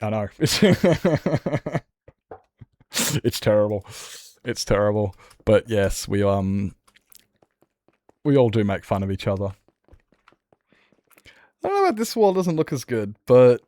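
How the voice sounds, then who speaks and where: A man's voice: mid-range voice, huge pitch swings, slow pace, pauses often, darkish tone, no room sound. An Australian man chatting casually and joking with his chat while streaming a building game. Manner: joking, self-mocking banter with chat.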